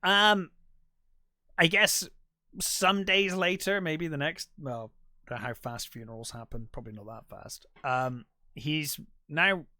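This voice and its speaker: A man co-hosting a podcast, casually retelling a movie's scenes and acting out quick quotes from the characters, with the odd swear. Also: fairly high pitch, sharp tone, no echo, clean studio sound. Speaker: podcast co-host. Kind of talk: casual film recap chat.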